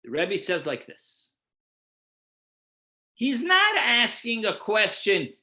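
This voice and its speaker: A man's voice: very high voice, big pitch swings, slow, pauses often, sharp tone. A man, a rabbi, teaching a Torah class, posing rhetorical questions and then answering them while guiding listeners through numbered source texts. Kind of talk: explanatory lecture.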